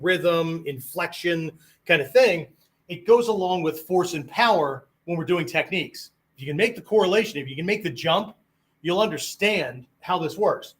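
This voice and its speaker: A male martial arts instructor giving a lecture-style lesson. He keeps checking in with "right?" and "okay?" and sometimes acts out tones of voice. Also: a little high. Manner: conversational, peppers sentences with "right?" and "okay?"; demonstrates tones of voice on quoted phrases.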